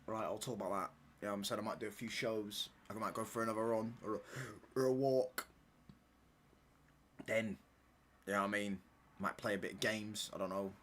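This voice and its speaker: A young man hosts a football watchalong stream. His voice is bright and forward as he fires back at chat with casual, slangy banter, forever calling viewers "mate" and "pal". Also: lowish voice, steady tone, moderate pace, slight background noise.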